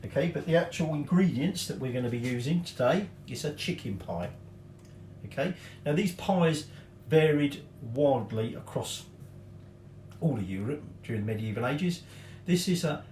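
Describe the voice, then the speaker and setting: A man's voice: on the high side, lively intonation, moderate pace, a little mellow, echoey room, a little hiss or hum. A man hosting a cooking tutorial, chatty, with joking, self-mocking asides. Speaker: cooking show host.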